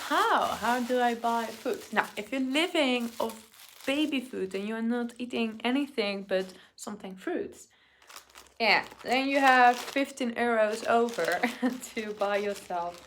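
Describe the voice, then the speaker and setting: An excitable woman talks slowly and a little high as she chats her way through a casual food vlog, swearing freely. Faint background noise sits under her voice. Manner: excitable, swears, frequent laughter. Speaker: vlogger.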